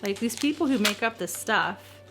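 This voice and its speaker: A middle-aged woman chatting casually at home in a vlog, excitable and gushing, often squealing. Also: medium pitch, moderate pace. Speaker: vlogger. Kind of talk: casual chat.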